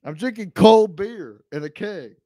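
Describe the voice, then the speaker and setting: Brash, profane man, higher pitch, dry sound. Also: animated, unhurried, no room sound. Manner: swings between loud outbursts and low mutters. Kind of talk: casual chat.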